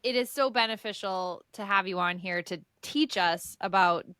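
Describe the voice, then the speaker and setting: A woman's voice: medium pitch, moderate pace, sharp tone, clean tone, no room sound, studio quality. A woman hosting a podcast, encouraging her guest in a casual chat with some swearing. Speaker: podcast host.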